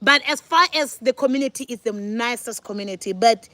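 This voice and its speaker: A woman's voice: a little high, a little fast, fairly bright tone, dry recording. A woman in her forties, a mother and vlogger, chatting casually to her viewers at home and laughing often. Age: 40s. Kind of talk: casual sit-down chat.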